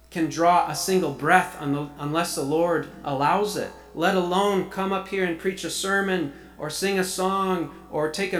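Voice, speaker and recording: A man's voice: fairly high pitch, fairly bright tone. Man preaching in an echoey church. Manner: earnest expository preaching, reading scripture aloud. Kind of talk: sermon. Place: church sanctuary.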